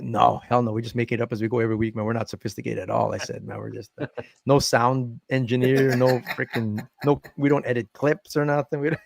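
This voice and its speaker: A man's voice: medium pitch, steady tone, quick pace, creaky, no room sound. A man hosting a casual fishing podcast, rambling and laid-back, calling everyone "man". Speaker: podcast host. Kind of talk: casual chat. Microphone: desk podcast mic.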